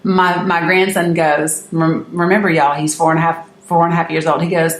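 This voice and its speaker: A middle-aged woman hosts, telling her viewers a personal story in an earnest, emphatic way, often stopping to restart a sentence. Her lowish voice moves at normal speed with hardly any pauses. The room gives it a roomy echo, and there's a little hiss or hum.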